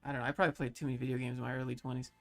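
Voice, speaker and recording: A man in his thirties on a casual livestream, reading chat questions aloud and answering them in a low-key, mellow way. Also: flat delivery, racing, soft background music. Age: 30s.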